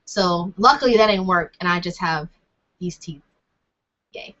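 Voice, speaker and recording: A woman's voice: lowish voice, a little slow, a bit bright. A young woman answering viewer comments in a casual, rambling, self-deprecating chat. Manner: chatty and rambling, self-deprecating, laughs often. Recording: dull lo-fi sound.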